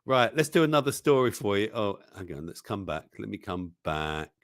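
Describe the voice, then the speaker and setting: A man with a low, lively voice hosts a casual live stream and reads memes aloud, chuckling as he goes. His voice swings up and down with animation, recorded dry and close. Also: moderate pace, dry recording. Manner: chatty, chuckles often, warmly exclaims over what he shows. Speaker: livestream news show host.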